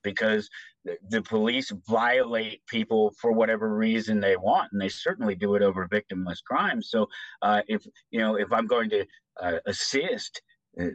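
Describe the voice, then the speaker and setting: A man's voice: fairly low pitch, a bit bright, no room sound. Blunt ranting man, dull dry sound. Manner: blunt, ranting, heavy on fillers. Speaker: podcast guest. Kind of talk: casual podcast chat.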